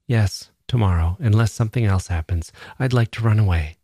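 A man's voice: on the low side, a little fast, warm tone, breathy edge, no echo. A man voicing a wry young newspaper woman who is feeling ill, in a dry, understated way. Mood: weary.

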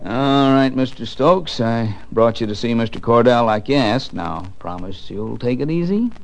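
An actor playing a burly, simple-minded male asylum orderly in 1940s radio drama, gruff and coaxing. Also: mid-range voice, expressive, moderate pace, faint music behind, natural voice.

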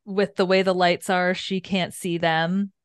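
A young woman co-hosting a book podcast, calmly recapping the plot in casual chat. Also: on the low side, a little slow, clean tone, no room sound, clean studio sound. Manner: calm recapping, agreeable murmurs.

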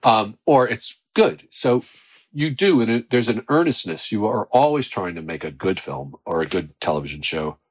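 A middle-aged actor, a man, chatting as a podcast guest, telling rambling, animated anecdotes full of quoted voices. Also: lowish voice, moderate pace, slightly rough. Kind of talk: casual anecdotal chat.

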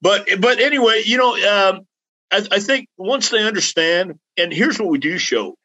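A man with a bright, forceful voice and a pitch that sits a little high. He is on a video call, telling road stories in a loose, joking chat. He acts out his own shouted reactions as he goes. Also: moderate pace, muffled recording. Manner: animated storyteller with voiced outbursts. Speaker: guest. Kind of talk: casual remote chat.

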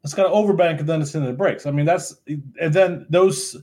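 A man co-hosting a casual podcast chat over drinks, animated, laughing often and trailing off with ums. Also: a little high, fairly quick. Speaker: podcast co-host.

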